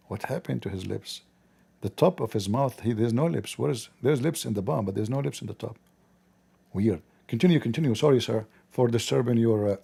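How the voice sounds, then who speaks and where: A man's voice: mid-range voice, vocal fry, warm tone, breathy edge. A man hosting a show, giving sarcastic, interrupting commentary on news clips. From Arab world. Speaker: host reacting to news clips. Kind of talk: mocking live commentary.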